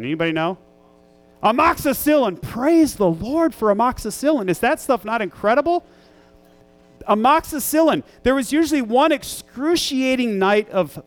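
A man's voice: extremely high pitch, lively intonation, moderate pace. A man who is a parent, preaching a sermon as pastor in an earnest, emphatic way, repeating key phrases for weight. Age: young adult to middle-aged, a parent.

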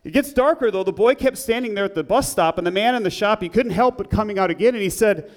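A man's voice: expressive, quick pace, hardly any pauses. A man preaching a sermon in church, praying and then telling a story with rising emphasis. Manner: earnest, builds up emphatically in the story, drops low and soft in prayer. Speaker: pastor. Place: church sanctuary.

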